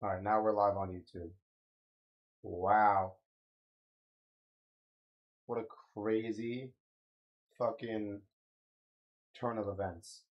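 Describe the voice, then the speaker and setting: A man's voice: fairly low pitch, fairly even intonation, slow pace, long pauses, muffled recording. Young male streamer, slangy and cursing. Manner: loose, slangy, swears often, exclaims "wow" a lot; frustrated, ranting about lag. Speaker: live streamer. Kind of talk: casual live-stream chat.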